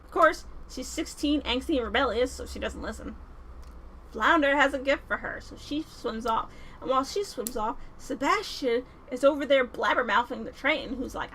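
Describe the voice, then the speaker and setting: A woman vlogger giving casual, animated, slangy film commentary. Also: high-pitched, moderate pace, a little hiss or hum, rough recording.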